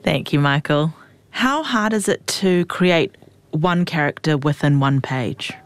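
Low-voiced woman interviewer, dry sound. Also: lively intonation, a little slow, no echo. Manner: attentive, encouraging. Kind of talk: casual interview.

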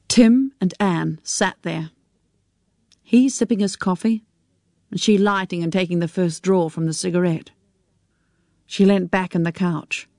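A woman narrating a dramatic story in a steady, measured reading. Her pace is slow and unhurried, and the recording is close and dry with no room echo. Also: medium pitch.

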